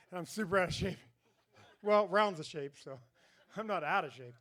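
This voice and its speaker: A man's voice: high-pitched, a little slow, pauses often, a bit bright. A man hosting a live concert, out of breath, giving chatty, joking announcements to the crowd. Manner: chatty, joking, rambling banter. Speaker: venue host and concert organizer.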